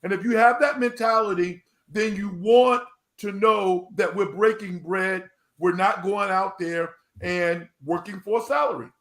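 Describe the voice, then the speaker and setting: A man's voice: high-pitched, a little slow, fairly bright tone. Emphatic male panelist in a roomy space. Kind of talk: casual sports talk.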